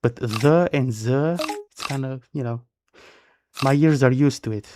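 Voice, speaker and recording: A man's voice: medium pitch, unhurried. A man from Romania with a Romanian accent, chatting playfully with viewers as a live game streamer, punning and repeating his phrases. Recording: noisy stream audio with clicks.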